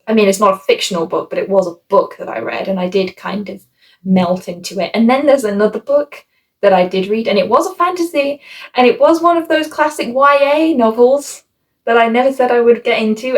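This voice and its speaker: Woman rambling through a book review, chatty and self-mocking, jumps into silly voices for asides. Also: fairly high pitch. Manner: animated voice shifts for quoted asides. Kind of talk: casual vlog review.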